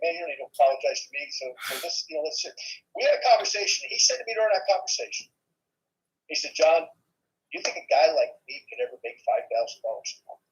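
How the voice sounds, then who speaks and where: A man with a faded New York accent, telling business stories in a casual chat, often checking in with "okay?" and "right?". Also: a little high. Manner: storytelling, repeats words, asks "okay?". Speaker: guest. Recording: dull lo-fi sound.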